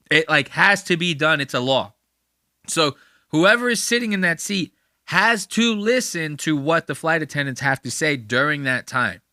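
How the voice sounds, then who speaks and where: A man's voice: a little high, pushed and bright, dry recording, studio quality. A man hosting a podcast, giving profane, mocking commentary on a clip in a casual way. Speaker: podcast host.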